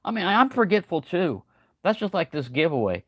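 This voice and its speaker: It's early morning at home, and an older man rambles on his livestream, welcoming viewers by name in a folksy, chatty manner. His voice sits high with big pitch swings, he talks fairly quickly, and the recording is dry.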